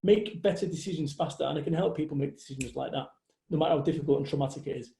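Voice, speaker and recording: Gravelly man in his forties, sweary and frank, slightly high voice. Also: racing, dark tone. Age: 40s. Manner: blunt, sweary storyteller. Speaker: guest motivational speaker. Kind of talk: casual livestream chat. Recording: echoey room.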